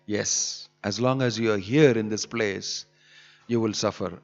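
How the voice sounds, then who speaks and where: A man's voice: on the low side, steady tone, unhurried, vocal fry, soft background music. A man giving an emphatic scripture sermon in a temple hall, pressing his points with rhetorical questions. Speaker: preacher. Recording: dull lo-fi hall recording with long reverb.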